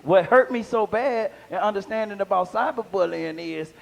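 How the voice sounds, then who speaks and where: A man's voice: high voice, moderate pace, creaky, few pauses. A man performing a live stand-up set, talking back and forth with the crowd. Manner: animated crowd work, talks to audience. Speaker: stand-up comedian. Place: small live venue.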